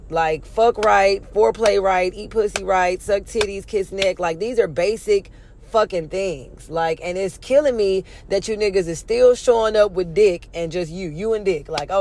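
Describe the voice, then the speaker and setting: A young woman from Houston hosting her own casual podcast, talking candidly with a lot of swearing, in a loose and ranty way. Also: medium pitch. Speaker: podcast host. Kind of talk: casual solo podcast rant.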